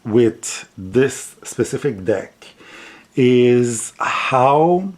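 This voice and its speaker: A man with a French accent, a native French speaker, chatting casually on video in an unhurried, rambling way full of restarts and self-corrections. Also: mid-range voice, expressive. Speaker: tarot deck reviewer.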